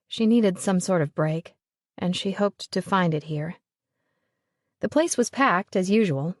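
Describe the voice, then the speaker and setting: A woman narrating a romance audiobook in an even, measured way. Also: fairly low pitch, no echo, studio quality. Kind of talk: scripted narration of a romance novel.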